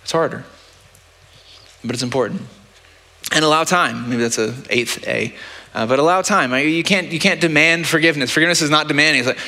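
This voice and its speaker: Bright-voiced pastor preaching in a reverberant hall. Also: male voice, on the high side, brisk. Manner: conversational, practical, with frequent "right?" asides. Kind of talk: sermon. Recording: long church-hall reverb.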